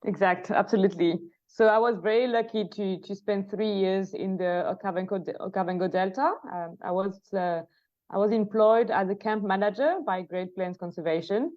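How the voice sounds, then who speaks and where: A woman's voice: mid-range voice, steady tone, normal speed, a little mellow, muffled recording. A woman from France with a French accent, speaking as a guest researcher in a podcast interview, with many fillers and restarts and easy laughter.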